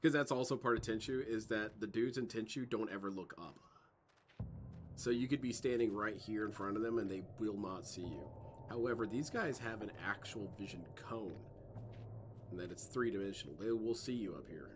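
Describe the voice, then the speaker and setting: A man's voice: on the low side, normal speed, noisy background. A man giving loose, joking commentary as he plays a stealth game, drifting into tangents. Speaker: let's play host. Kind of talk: gameplay commentary. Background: game music.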